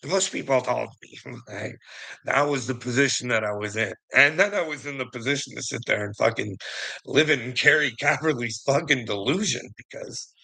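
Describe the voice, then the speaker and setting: A man with a gravelly, rough-edged voice tells a rambling personal story, cursing freely and chuckling as he goes. His tone is bright and forceful, with a husky grain. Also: medium pitch, poor audio. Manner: profane, rambling, laughs often. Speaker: vlogger. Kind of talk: casual storytelling monologue.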